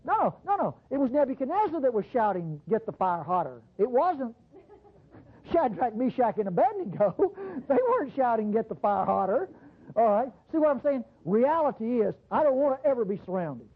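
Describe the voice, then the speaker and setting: A preacher in full flow, the voice husky and full of lively swings in pitch. The sermon comes through a thin, tinny recording. The delivery calls out to the room and drops to quiet asides between the peaks. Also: normal speed. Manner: animated, swinging between low intimate asides and high bursts; addresses the congregation directly with call-outs.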